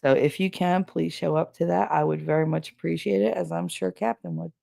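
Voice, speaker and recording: Host: low, gravelly woman, blunt and profane, chatty storyteller, dry close sound. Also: fairly even intonation, fairly quick, mellow, dry recording. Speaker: podcast host. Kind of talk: casual storytelling chat.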